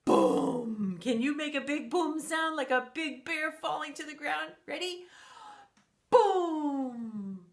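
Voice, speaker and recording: A woman's voice: high voice, fairly even intonation, moderate pace, hardly any pauses, a bit bright. A woman reading a picture book aloud to children, playfully asking her young listeners questions as she goes, in a roomy, echoey space. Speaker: children's story reader. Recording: roomy echo.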